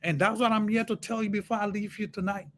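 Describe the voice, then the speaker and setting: A man preaching on a livestream as a motivational speaker, fervent, repeating words and bursting into shouts. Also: high-pitched, fairly even intonation, fast talker, slight background noise.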